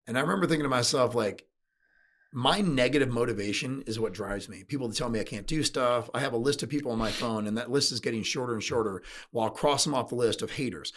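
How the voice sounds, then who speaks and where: A man's voice: medium pitch, quick pace, fairly bright tone. Blunt, emotional middle-aged man telling stories. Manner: blunt, emotional, swears casually. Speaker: guest, sales and leadership speaker. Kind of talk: candid storytelling interview.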